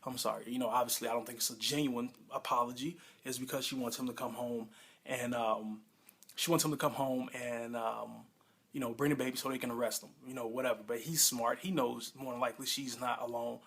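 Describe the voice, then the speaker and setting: A man talks through a TV episode in a loose, excitable way, often correcting himself mid-sentence. His voice is a bit husky, at an ordinary middle pitch for a man. It sounds like a casual home video review. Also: a little fast. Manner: excitable, rambling, frequent fillers and self-corrections. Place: home room with a pet nearby.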